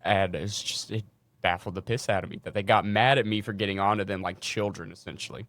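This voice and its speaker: A young man with a lowish voice tells a work story on a podcast. He talks casually and with energy, swears freely, and acts out the people in his story. The sound is close and dry. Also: fairly even intonation, fast, fairly bright tone, no echo. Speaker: podcast co-host.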